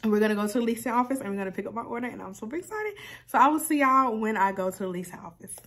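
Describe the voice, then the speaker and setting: A young woman vlogging in a chatty, excitable way as she talks about her clothing brand. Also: fairly high pitch, very fast. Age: young adult. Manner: chatty and excitable, says "y'all". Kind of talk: casual vlog talk to camera.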